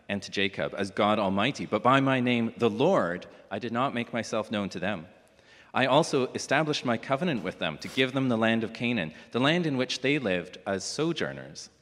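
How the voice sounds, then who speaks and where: A lower-voiced man reads scripture aloud to a congregation. His delivery is measured and solemn. The sound rings with the long reverb of a church hall. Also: fairly bright tone. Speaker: scripture reader. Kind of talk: formal scripture reading.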